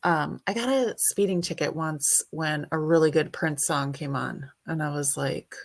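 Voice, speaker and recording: A woman's voice: deep voice, moderate pace, vocal fry. A woman hosting a casual livestream, chatting and greeting viewers by name, sometimes singing a snippet. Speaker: livestream host.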